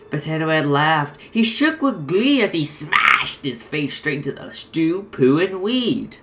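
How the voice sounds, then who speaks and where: Low-voiced woman reading a crude comic story. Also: expressive, measured pace, fairly bright tone, faint music behind. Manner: crude, profane, ranting. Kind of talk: comedic reading of a rhymed story.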